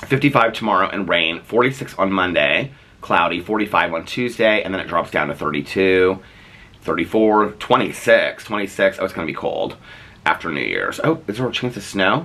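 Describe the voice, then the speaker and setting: A man with a low but forceful, bright-edged voice, talking casually to his camera as a daily vlogger. He rambles from topic to topic, with frequent fillers and restarts in a loose, chatty flow.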